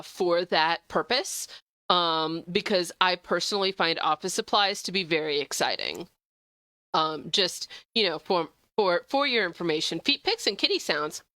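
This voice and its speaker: A young woman streaming a game, chatting with viewers in a bubbly, gushing way, jumping high when excited. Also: smooth, no room sound. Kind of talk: casual gameplay stream chat.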